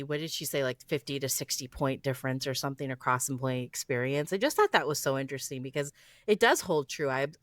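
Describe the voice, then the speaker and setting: An enthusiastic woman co-host with a very low voice keeps a casual podcast chat going. She leans on a lot of fillers. Her sound is dry and close to the mic. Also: fairly bright tone, no echo. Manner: enthusiastic, filler-heavy, lots of "like" and "yeah". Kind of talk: podcast conversation.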